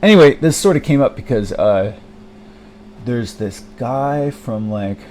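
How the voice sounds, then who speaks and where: A man's voice: mid-range voice, lively intonation, a little slow, a little mellow, slight background noise. A young man in a rambling personal monologue, hesitant and self-deprecating, full of fillers, restarts and swearing. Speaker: vlogger.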